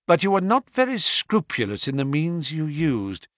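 A cool-headed detective, voiced by a man, lays out his case in a stern, commanding tone. His pitch rises and falls with lively emphasis. The sound is dry, with no room echo. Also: normal speed. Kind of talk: audiobook character reading.

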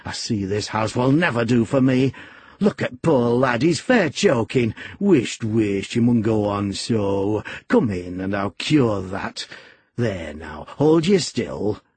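A man's voice: fairly low pitch, unhurried, few pauses, lightly acted. A man voicing a stout, kindly but scolding housewife. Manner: bustling, scolding.

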